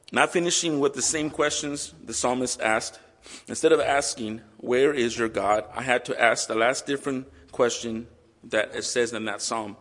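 Male pastor giving an emotional sermon in a big echoey church, middle-pitched voice. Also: a bit bright. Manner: earnest, emotional preaching, reads scripture slowly. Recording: long hall reverb.

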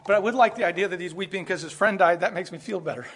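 A man with a high voice preaches a sermon in a large room with a long, trailing reverb. He talks earnestly, climbs to emphatic peaks and then drops to quiet, low asides. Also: rapid-fire, husky. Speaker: pastor.

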